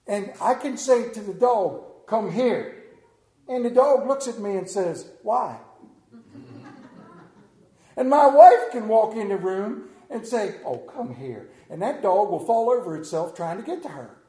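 A man preaches with rising feeling, his voice pitched high and swinging widely up and down. He stumbles and repeats words as he gets carried away. The sound rings around a reverberant room. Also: lively intonation, mellow. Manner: emotional, halting, repeats words. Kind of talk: sermon.

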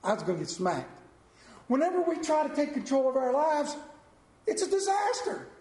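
High-voiced preaching pastor, man. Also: wildly swooping pitch, moderate pace, echoey room. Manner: preaching with sudden swings from hushed to loud. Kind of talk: sermon.

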